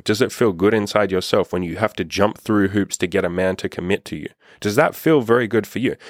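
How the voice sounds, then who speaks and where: A man's voice: low-pitched, dry recording, studio quality. A man coaching on dating, talking bluntly with lots of swearing and rhetorical questions. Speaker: dating and self-improvement coach. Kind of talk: direct-to-camera opinion monologue.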